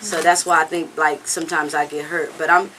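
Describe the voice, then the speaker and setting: A woman singer speaks briskly in a low-pitched, fairly bright voice with fairly even intonation, in a candid, casual interview. The low-quality recording carries a little hiss or hum. Blunt and earnest with occasional swearing, she rambles and keeps checking in with "you know what I'm saying."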